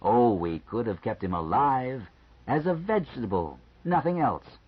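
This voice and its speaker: A man reading an audiobook, voicing a calm male doctor who explains things frankly and matter-of-factly. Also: mid-range voice, slightly rough. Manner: measured, matter-of-fact explaining. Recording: slightly muffled lo-fi recording.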